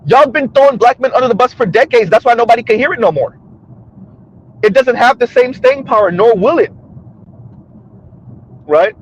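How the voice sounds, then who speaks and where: On lo-fi sound, a man with a very high voice speaks at a moderate pace with long pauses. As host of a casual commentary channel, he mocks things directly to his viewers, laughs a lot and keeps asking "right?"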